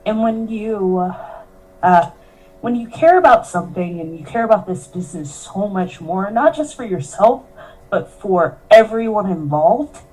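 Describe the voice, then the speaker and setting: A woman's voice: medium pitch, lively intonation, measured pace, darkish tone, husky, rough recording. A woman, a professional wrestler, telling her story in a candid interview, earnest and emotional, often quoting herself and others. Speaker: professional wrestler, podcast guest.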